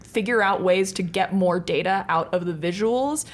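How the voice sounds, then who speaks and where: A woman's voice: fairly low pitch, moderate pace. Rambling, laughing young woman co-host. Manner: rambling, laughs often, self-mocking. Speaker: podcast co-host. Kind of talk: casual storytelling chat.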